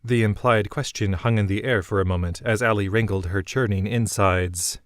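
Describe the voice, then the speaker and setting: A man narrating a fantasy novel in an even, measured way. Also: lowish voice, dry recording, clean studio sound. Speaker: audiobook narrator.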